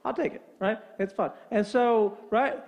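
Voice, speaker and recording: A man's voice: sits high, a little slow. A man preaching a sermon, telling a funny story and acting out both sides of a phone call. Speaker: pastor.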